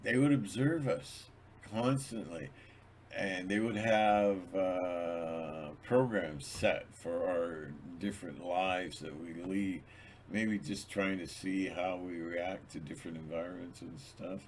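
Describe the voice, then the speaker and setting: Host, lower-voiced man, slow rambling monologue, digresses and restarts. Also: slight background noise. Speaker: channel host.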